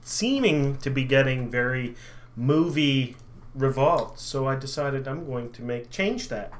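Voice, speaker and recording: A man's voice: medium pitch, measured pace. A middle-aged man co-hosting a podcast, joking and asking quiz questions. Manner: joking, interjecting. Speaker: podcast co-host, quiz master. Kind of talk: casual chat.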